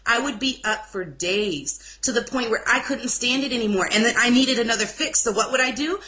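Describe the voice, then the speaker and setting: A young woman giving an emotional personal testimony in an informal interview, speaking haltingly with restarts. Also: fairly high pitch, sharp tone, poor audio. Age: young adult. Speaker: interview guest.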